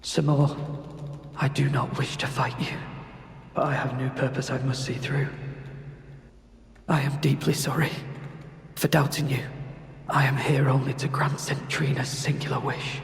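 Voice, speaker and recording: An actor playing a devoted man who drifts into poisoned sleep, speaking softly and languidly. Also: medium pitch, level tone, measured pace, vocal fry, pauses often. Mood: resolute. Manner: soft, languid, drowsy. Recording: echoey game dialogue with long reverb.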